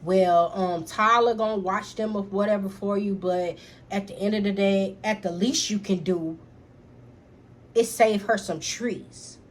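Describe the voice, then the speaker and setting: A woman's voice: medium pitch, steady tone, unhurried, background noise, voice pushed down, close to an everyday voice. A woman quoting her brother as a casual, dismissive young man who talks offhandedly. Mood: offhand.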